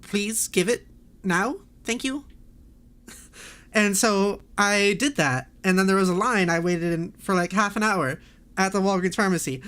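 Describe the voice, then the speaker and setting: A woman streamer venting to her chat in a loose, exasperated rant. She swears freely and laughs between complaints. Her voice sits at a middling pitch. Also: normal speed, a bit bright. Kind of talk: casual livestream chat.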